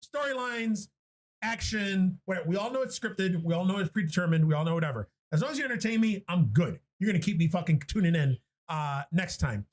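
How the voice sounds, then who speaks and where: A man co-hosting a podcast, telling stories in a casual, animated and profane way. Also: sits high, brisk. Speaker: podcast co-host.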